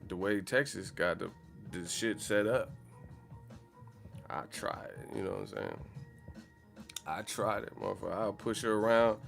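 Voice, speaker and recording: A man's voice: on the low side, sing-song, unhurried, creaky, long pauses, music in the background. A man hosting a boxing channel livestream, chatting casually in a profane, joking, slangy way. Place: in the Bay Area, California.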